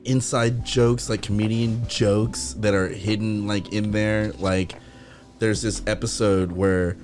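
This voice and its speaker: Animated man retelling sitcom bits. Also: fairly low pitch, slow, soft background music. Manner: animated storyteller, acts out sitcom scenes in silly voices. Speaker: podcast co-host. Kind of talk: casual chat.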